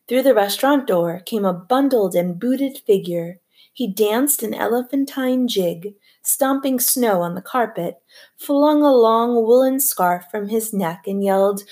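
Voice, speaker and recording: Lady reading an audiobook, steady even storytelling voice, middle pitch. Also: a little slow. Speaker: audiobook narrator. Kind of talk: scripted narration.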